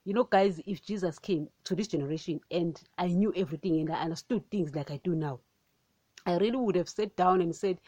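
A woman giving an informal spoken sermon on her podcast, animated and chatty, calling her listeners "guys" over and over and laughing now and then. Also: on the low side, fairly quick, dry recording. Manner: animated, repeats "guys" constantly, laughs often. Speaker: podcast preacher.

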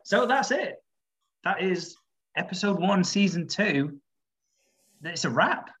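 A man's voice: high-pitched, lively intonation, slow pace, a bit bright, a little hiss or hum. A man hosting a rewatch podcast, chatting casually with frequent fillers and laughs. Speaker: podcast host.

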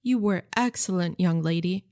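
A woman voicing an older church usher, proper and gently inquiring, read aloud from a book. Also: on the low side, moderate pace, lightly acted. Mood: polite inquiring.

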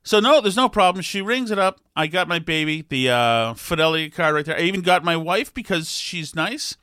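A man in his forties telling a comic story about himself, self-deprecating and animated, acting out the dialogue. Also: a little high, a little fast, clean tone, no room sound, clean studio sound. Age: 40s. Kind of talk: comedic storytelling.

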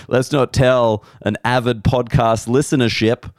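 Young Australian male comedian-host, smooth clear tone, rambling and sweary monologue. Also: deep voice, moderate pace, no room sound, clean studio sound. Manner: rambling, profane, self-mocking asides. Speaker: podcast host.

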